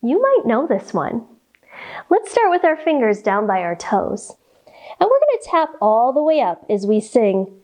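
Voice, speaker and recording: Female kids-yoga teacher, high and bouncy voice, slow and playful, with animal noises. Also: sing-song, darkish tone. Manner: playful, sing-song, makes animal sounds. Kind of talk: guided kids yoga lesson.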